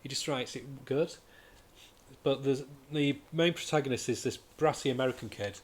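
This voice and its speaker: A man's voice: mid-range voice, moderate pace, slightly rough. A man reviewing comics in casual chat, talking in an enthusiastic, rambling way and often restarting his sentences.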